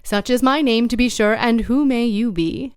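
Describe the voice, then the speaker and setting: A woman voicing a crafty, hearty one-legged pirate landlord who talks loud and blusters, in a storybook reading. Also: on the high side, moderate pace, clean tone, no echo, clean studio sound, natural voice.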